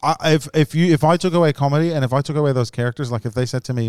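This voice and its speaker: Man, from Lebanon, comedian guest, casual podcast chat, smooth voice, dry sound. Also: medium pitch, fast talker, hardly any pauses, darkish tone, dry recording.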